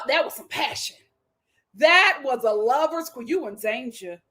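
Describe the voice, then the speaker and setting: A woman with a bright, high voice recapping a dating show on a live stream. She is sassy and dramatic, leaning on slang. She calls out the contestants as if they could hear her. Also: animated, measured pace. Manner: speaks directly to the people she discusses. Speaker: reality TV review host.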